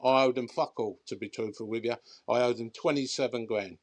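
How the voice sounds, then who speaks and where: A man's voice: medium pitch, fairly even intonation, brisk. An older man with a London accent tells rambling stories about his life in betting, in a loose, colloquial way. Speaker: guest bookmaker. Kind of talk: casual storytelling chat.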